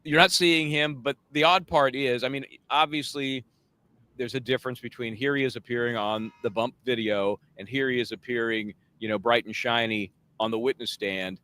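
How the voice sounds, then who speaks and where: With a clean, mid-range voice at normal speed, a man co-hosts a laid-back conversation about a court trial. His legal commentary is wry and chatty, and he acts out others' words in animated voices.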